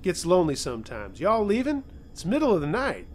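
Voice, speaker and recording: A man's voice: sits high, huge pitch swings, a little fast, a little hiss or hum, pitched above the performer's own voice. A man voicing a friendly old woman with a Southern drawl who lives by a campground gate, folksy and calling people hun. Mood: folksy concern.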